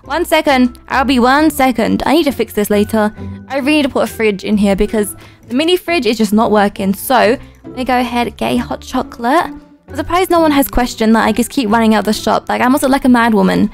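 High, excitable woman gamer. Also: a little fast, vocal fry, soft background music. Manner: chatty, excitable, with gasps and playful asides. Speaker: YouTuber. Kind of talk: roleplay gameplay commentary.

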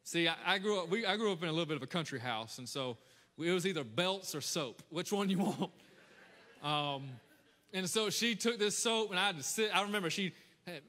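A man preaching a lively, conversational sermon as a pastor, talking straight to his congregation. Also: high voice, a little fast. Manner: energetic, conversational preaching with audience call-outs. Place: large church hall. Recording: echoey church hall with long reverb.

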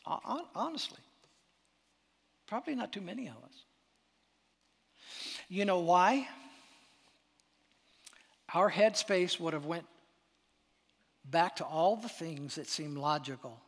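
Preaching slowly with vocal fry and frequent pauses, this pastor has a high, bright voice that shifts between loud exclamations and near-whispers. His dramatic, animated sermon trails a long hall reverb.

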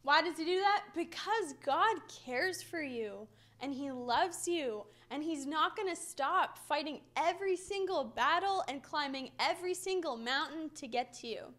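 High-voiced young woman telling kids a story. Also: normal speed. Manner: animated, playful storytelling to kids. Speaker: children's minister. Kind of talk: children's message.

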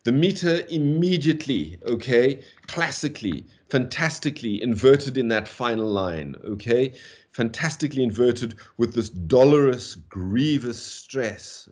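A man with a South African accent giving an online university lecture on poetry, digressive and peppered with "okay?", reading verse slowly with stressed beats. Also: medium pitch, lively intonation, darkish tone, slightly rough. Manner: digressive, fond of "okay?" and "or whatever". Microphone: video call.

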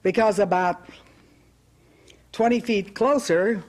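A woman's voice: medium pitch, slow pace. Emphatic woman preacher telling a story. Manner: emphatic storytelling with humorous asides; bursts into loud commands when quoting herself. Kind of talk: preaching testimony.

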